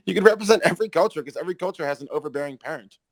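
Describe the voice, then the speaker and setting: A man hosting a podcast in casual chat, rambling and excitable, swearing freely. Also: a little high, no echo. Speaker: podcast host.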